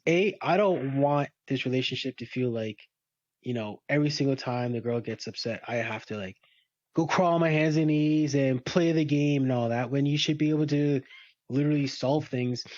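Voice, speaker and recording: A man's voice: mid-range voice, darkish tone, no room sound. A man co-hosting a podcast, chatting candidly about how he handles arguments with his girlfriend. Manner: candid, talks through his own relationship habits. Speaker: podcast co-host. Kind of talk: casual chat. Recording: dull dry sound.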